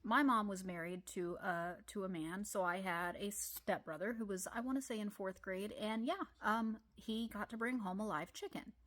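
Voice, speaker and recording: Woman, Ozarks accent, comic storytelling, animated, deadpan asides. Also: mid-range voice, moderate pace, few pauses. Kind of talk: comedic personal storytelling.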